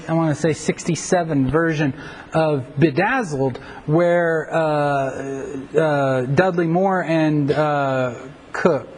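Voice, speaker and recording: Male pastor, fairly high voice, informal Bible lesson full of "uh"s and restarts, faint hiss under it. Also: a little mellow, rough recording. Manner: conversational, frequent fillers and self-corrections. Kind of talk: Bible teaching lecture.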